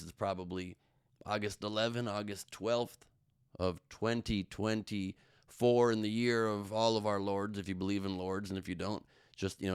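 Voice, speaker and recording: A middle-aged man hosts his own comedy news podcast in a slightly low, smooth, resonant voice. He rambles from joke to joke, tossing in self-mocking asides. The sound is close and dry. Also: no echo. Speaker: podcast host.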